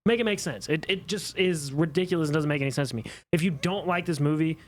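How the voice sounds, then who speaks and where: A man's voice: a little high, quick pace. A man co-hosting a casual podcast, talking with passion and pushing back on opposing views. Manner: passionate, argumentative. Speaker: podcast co-host. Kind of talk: casual chat.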